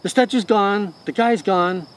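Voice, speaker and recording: A man's voice: high voice, a little slow. A middle-aged man who directs a wellness center, telling stories in conversation and acting out the voices of the people in them. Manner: animated storyteller who acts out quoted voices. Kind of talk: conversational storytelling.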